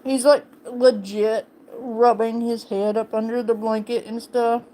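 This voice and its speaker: A woman's voice: fairly high pitch, little pitch movement, unhurried, warm tone, slight background noise. A woman streamer chatting casually and playfully teasing her pet on a live stream.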